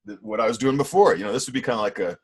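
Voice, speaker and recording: A middle-aged art teacher runs an online painting class, critiquing his students' work with rambling enthusiasm, plenty of fillers and frequent self-corrections. His voice sits on the low side and comes out rapid-fire, with slight background noise.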